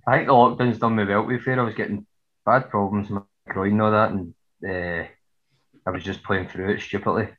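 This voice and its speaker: A man's voice: lowish voice, steady tone, fairly quick, dull audio. A man with a Scottish accent, a football club captain speaking as a guest in a laid-back, laughing way. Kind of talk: casual chat.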